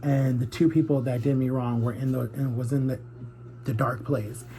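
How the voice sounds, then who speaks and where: Earnest thirty-year-old man, mellow voice. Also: mid-range voice, fairly even intonation, normal speed, slight background noise. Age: 30s. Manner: candid, earnest, heartfelt. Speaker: YouTuber. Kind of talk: confessional vlog.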